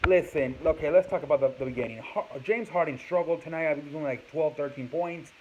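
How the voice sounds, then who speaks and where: A man's voice: a little high, fast, a little mellow. A man hosting a casual sports show, rambling through his opinions with repetitions and cursing, recorded indoors on a laptop or phone. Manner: rambling, swears, repeats himself. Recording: dull lo-fi home recording with faint background noise.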